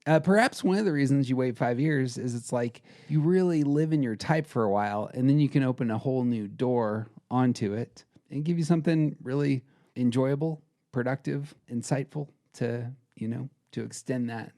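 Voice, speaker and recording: A man co-hosting a podcast, talking in an earnest, relaxed conversational way. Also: medium pitch, normal speed. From Colorado. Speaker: podcast co-host. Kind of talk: casual podcast chat.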